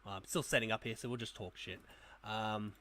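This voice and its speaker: A man's voice: on the low side, fairly even intonation, fairly quick, pushed and bright. A young man hosting a casual toy livestream, rambling and muttering asides to his chat as he browses. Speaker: toy review livestream host.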